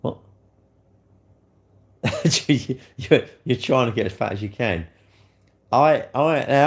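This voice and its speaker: A middle-aged man, chatting on a live stream in a loose, rambling way. His voice sits fairly low, and he swears freely as he answers viewers. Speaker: livestreamer. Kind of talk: casual live-stream chat.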